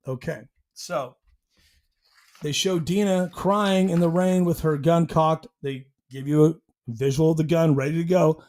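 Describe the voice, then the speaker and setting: A man hosting his own show, rambling through an animated retelling of a TV episode and growling out sound effects. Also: fairly high pitch, a little slow. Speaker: host. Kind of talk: casual recap and commentary.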